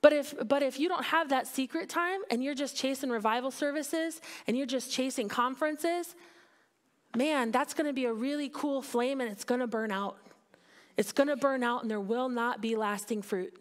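A woman's voice: sits high, moderate pace. Candid woman pastor preaching a sermon. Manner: candid, conversational preaching with rising emphatic peaks. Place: church sanctuary.

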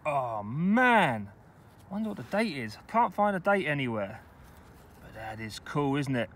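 A man talking casually to camera while metal detecting outdoors, chatty and excitable about his finds. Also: a little high, unhurried, husky. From England. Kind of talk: casual vlog commentary. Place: outdoors in a wet field.

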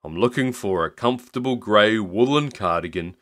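Dad voicing a slow, mild old grandpa. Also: male voice, on the low side, animated, fairly bright tone. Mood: stubborn. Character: easygoing stubborn old grandpa.

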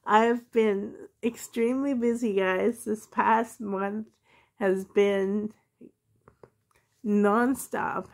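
Woman vlogger, hoarse with a cold, slow and soft-spoken, laughs a lot. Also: mid-range voice. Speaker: reborn doll hobby vlogger. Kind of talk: casual vlog chat to viewers.

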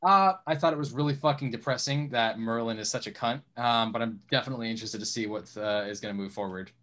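A man hosting a podcast in casual chat, loud and argumentative, swearing freely and mocking himself. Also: medium pitch, quick pace. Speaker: podcast host.

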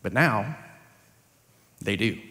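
A man's voice: fairly low pitch, animated, takes it slowly, pushed and bright. A man preaching a Sunday sermon in a church, earnest and building to emphatic peaks. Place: church sanctuary. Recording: long church hall reverb.

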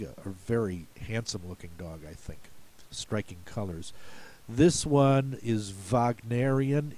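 With a mid-range voice and a dark tone, a man from the US coaches spelling bee students. He patiently lays out word pronunciations step by step, keeping things folksy.

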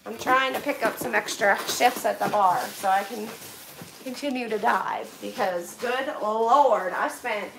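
A young woman with a Western Pennsylvania accent, chatting on a home livestream as she opens gifts from viewers, effusive and quick to laugh. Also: on the high side. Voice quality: effusive, gushing, laughs often. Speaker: vlogger opening viewer donations on a livestream. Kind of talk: casual livestream chat. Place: indoors at home, kitchen area. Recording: echoey room, clear background noise.

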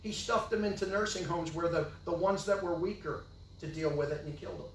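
An older man preaching a sermon with great passion, swinging from loud yelling to low mutters. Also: a little fast, slight background noise. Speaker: pastor. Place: church hall. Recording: echoey church hall, from far off.

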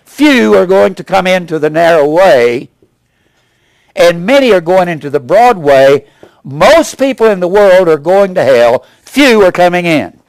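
A man in his seventies preaching a sermon as pastor, with emphatic rises and sudden low asides. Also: animated, unhurried, vocal fry, no room sound. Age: 70s. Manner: emphatic preaching, rising to loud punches then dropping low.

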